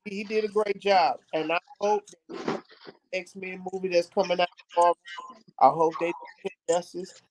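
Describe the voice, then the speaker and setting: A man hosting a casual film discussion, animated and repeating phrases for emphasis. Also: sits high, normal speed, a little hiss or hum, low-quality recording. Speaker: podcast host.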